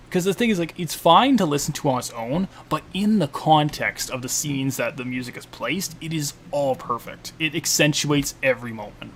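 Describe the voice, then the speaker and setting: A man's voice: on the high side, a bit bright, a little hiss or hum. A man, a game critic, giving casual commentary while playing, chatty and joking as he thinks aloud. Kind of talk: casual let's-play commentary. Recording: faint game music behind.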